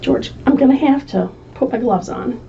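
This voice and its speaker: A woman voicing a calm, matter-of-fact male vet who speaks softly and low, often half-whispered, recorded on a distant, muffled mic. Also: moderate pace, creaky, slight background noise.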